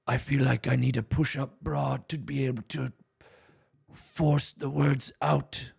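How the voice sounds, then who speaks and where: Slow, husky male caster chatting. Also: mid-range voice, flat delivery, a little mellow. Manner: rambling, self-amused musing. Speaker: tournament caster. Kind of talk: casual chat during a stream break.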